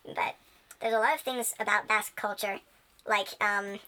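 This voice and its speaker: A woman's voice: mid-range voice, fairly even intonation, moderate pace, pushed and bright. A young woman chatting casually as a channel host, enthusiastic and rambling with many fillers. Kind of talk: casual chat.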